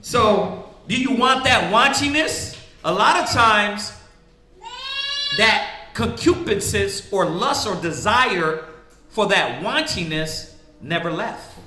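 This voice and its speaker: A man's voice: high-pitched, expressive, slow pace, bright, forceful tone, reverberant, faint music behind. A man preaching in a casual, conversational way, often asking "right?" and acting out the voices of the people he quotes. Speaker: priest teaching scripture.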